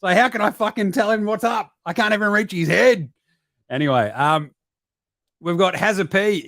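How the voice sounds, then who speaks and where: An Australian man rants about basketball in an animated way, swearing freely and slipping into mocking shouts. His voice sits fairly high for a man. The sound is close and dry, with no room echo. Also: normal speed. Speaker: basketball podcast host. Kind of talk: profane casual live-stream commentary.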